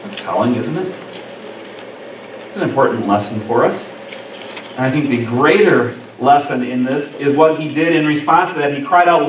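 Pastor, male, higher voice, expressive sermon delivery, acts out quotes, echoey sanctuary, mic at a distance. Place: church sanctuary. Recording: echoey church room from far off, faint noise.

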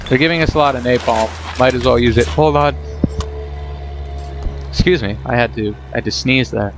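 A man's voice: medium pitch, normal speed, over music. A man casually commenting on his own gameplay, rambling and self-deprecating as he talks to himself. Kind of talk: casual let's play commentary.

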